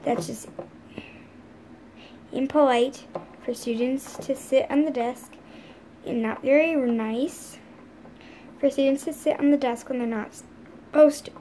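A woman's voice: high-pitched, steady tone, takes it slowly, long pauses, dark tone, slight background noise. A woman doing a fussy lecturing teacher pet. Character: fussy female schoolteacher pet. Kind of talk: toy pet home-video play.

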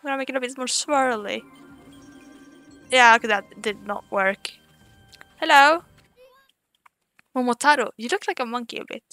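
A woman's voice: fairly high pitch, normal speed, pauses often, pushed and bright, no room sound, soft background music. A woman casually commenting as she plays a game, chatty and swearing, laughing at herself. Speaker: let's play host.

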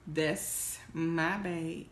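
A low-pitched, steady-toned woman draws out her words in a reverberant room with slight background noise as she tells a mukbang storytime. She rambles with many restarts and fillers, sounding emotional and earnest.

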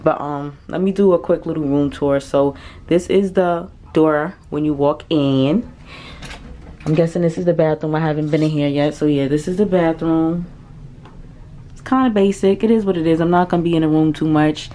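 A woman travel vlogger chatting excitedly to camera in a cruise ship cabin, repeating herself often. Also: sits low, moderate pace, a little hiss or hum. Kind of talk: casual chat to camera.

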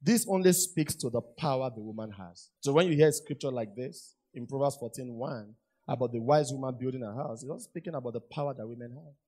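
A man's voice: medium pitch, a little fast, warm tone, husky. A man preaching a sermon, repeating phrases for emphasis and asking the congregation rhetorical questions. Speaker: pastor.

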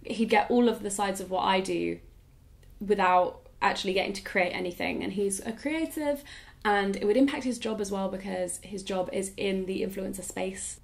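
Reflective woman with vocal fry. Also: medium pitch. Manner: reflective, frequent "like" fillers. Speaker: YouTuber. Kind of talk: casual talking-head Q&A.

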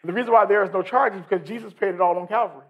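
A male pastor preaching a sermon in a church service, animated and building to shouts, asking the congregation questions. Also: sits high, very fast, breathy edge, lo-fi sound. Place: church sanctuary during a worship service.

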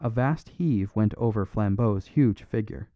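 A man narrating a classic mystery in a measured, steady way. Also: fairly low pitch, dry recording. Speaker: audiobook narrator. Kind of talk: scripted audiobook narration. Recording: dull dry studio recording.

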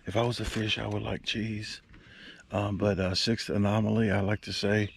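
A man's voice: lowish voice, little pitch movement, moderate pace, gravelly, slight background noise. A man rambling and joking to his camera while fishing from a small boat on a lake. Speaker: vlogger. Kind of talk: casual fishing vlog chat. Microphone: action camera.

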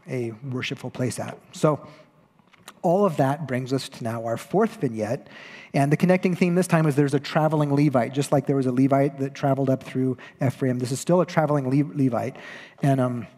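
A man's voice: fairly high pitch, darkish tone, big-room sound. A man preaching a sermon, retelling a story conversationally with playful voiced asides for the characters. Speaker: pastor. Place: church sanctuary.

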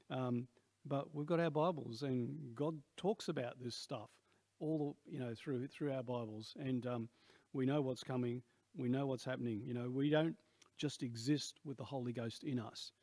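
A man's voice: medium pitch, darkish tone, no room sound. A man in his sixties with an Australian accent, preaching a sermon in a rambling, conversational way with many asides. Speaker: pastor.

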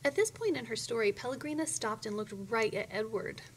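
A woman reading a children's novel aloud in an expressive storytelling manner, voicing each character. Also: fairly high pitch, brisk, a little hiss or hum, rough recording. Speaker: reader of a children's book. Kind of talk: expressive read-aloud narration.

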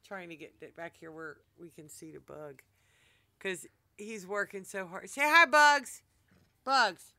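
A woman's voice: on the low side, moderate pace, creaky, pushed and bright. A middle-aged woman casually vlogging at home, chatting and coaxing her pet monkeys.

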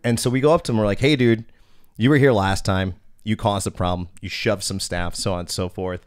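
A man's voice: lowish voice, brisk, clear, resonant tone, no room sound. A man in his thirties hosting a podcast, telling a bouncer story in a blunt, profane, casual way.

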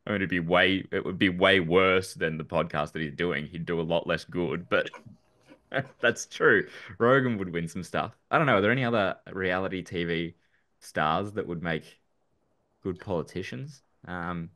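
A man co-hosts a casual political podcast, talking in a loose, rambling way with frequent restarts. His voice sits very low, with a bright and forceful edge. He often breaks into a chuckle as he talks. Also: normal speed. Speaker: podcast co-host. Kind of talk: casual chat.

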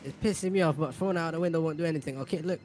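A man's voice: a little high, rapid-fire, darkish tone, slight background noise, lightly acted. A man playing a slangy youth. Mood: irritated. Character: impatient young man, street slang, restless. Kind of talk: game role-play.

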